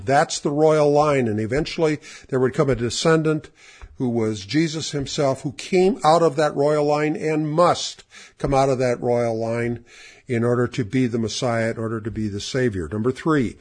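A man teaching a Bible lesson in sermon style, emphatic, slowing down to stress scripture phrases. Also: medium pitch. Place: church or classroom with slides.

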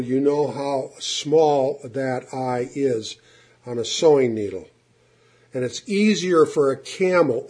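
A man preaching a sermon in an earnest, emphatic way, slowing down to stress key words. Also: mid-range voice, mellow.

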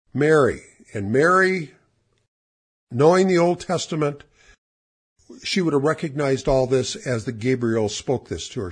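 Husky man teaching scripture. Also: medium pitch. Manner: emphatic, slows down to stress scripture phrases. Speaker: Bible teacher. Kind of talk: sermon-style Bible lesson. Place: church or classroom with slides.

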